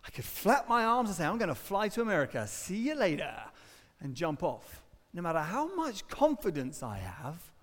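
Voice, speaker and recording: Male preacher with a high voice, earnest sermon in a reverberant church. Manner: earnest, varies pace for emphasis, dry humour. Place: church hall.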